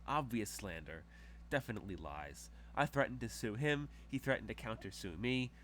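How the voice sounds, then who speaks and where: A scornful, wealthy woman drawls her dismissals in a tabletop game, as a man puts her on. The voice sits fairly low and talks down to everyone. A faint hum runs underneath. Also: lively intonation, moderate pace, a bit bright. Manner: condescending, drawling.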